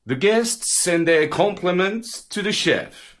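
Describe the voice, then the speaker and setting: A man doing a stately, deep-voiced waiter. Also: expressive, slow pace, fairly bright tone, full character voice. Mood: ceremonious.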